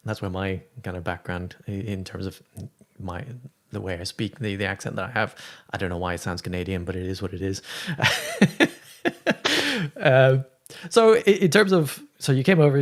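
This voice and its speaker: Male host from South Africa, lowish voice, casual and chatty with frequent restarts. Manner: chatty, laughs easily, trails off in restarts. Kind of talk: casual chat.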